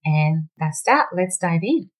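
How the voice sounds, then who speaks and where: A bubbly woman co-hosts a podcast in a relaxed, chatty way. She talks in long runs and laughs a lot between her points. Her voice sits a little low for a woman. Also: slow. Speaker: podcast co-host. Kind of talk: casual podcast chat.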